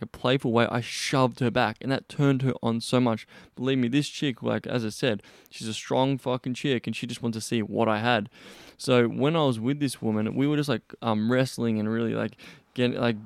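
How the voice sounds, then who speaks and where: A man's voice: medium pitch, creaky, dry recording, studio quality. A young man hosting a podcast, telling a rambling story with heavy swearing and frequent restarts. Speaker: podcast host. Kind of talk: casual storytelling monologue.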